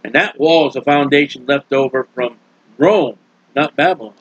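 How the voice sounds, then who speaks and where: A man's voice: normal speed, no room sound. A man preaching a sermon in a folksy, scolding way. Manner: folksy, scolding, acts out quoted voices. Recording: dull, dry, low-fidelity recording.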